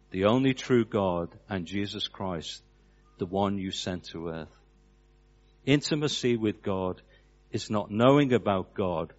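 Low-voiced man preaching a sermon, lo-fi sound. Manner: storytelling with earnest, dropping cadence. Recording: dull lo-fi recording.

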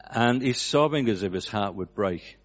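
Low-voiced man preaching a sermon, lo-fi sound. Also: lively intonation, moderate pace. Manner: storytelling with earnest, dropping cadence. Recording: dull lo-fi recording.

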